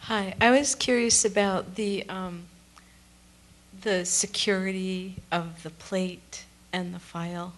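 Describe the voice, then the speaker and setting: A woman's voice: medium pitch, fairly even intonation, slow pace. A woman in the audience asking the panel a tentative, hesitant question.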